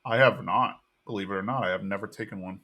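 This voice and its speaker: A man's voice: lowish voice, fast, sharp tone. A man co-hosting a podcast, recapping a TV episode in easygoing casual chat and thinking aloud as he goes. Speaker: podcast co-host.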